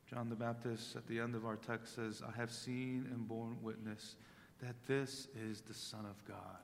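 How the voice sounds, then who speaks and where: A male pastor preaching a sermon during worship, rising to loud proclamation on scripture and sinking to soft, low tones in reflection. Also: flat delivery, a little slow, vocal fry, slight background noise. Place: church sanctuary. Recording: long reverb of a large hall.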